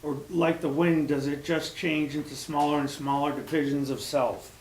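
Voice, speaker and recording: A man reading his own poetry aloud at a cafe meeting, in a measured, recited way. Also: on the high side, steady tone, a little mellow, slight background noise. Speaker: poet at a reading. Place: small cafe gathering room. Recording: echoey room with faint ambience.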